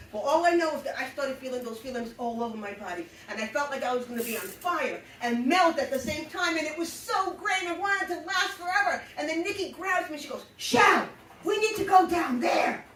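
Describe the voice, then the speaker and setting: A middle-aged woman telling a story live on stage, animated and blunt, laughing often as she talks. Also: sits high, brisk, hardly any pauses, slight background noise. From New York. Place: live show venue. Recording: roomy echo, mic at a distance.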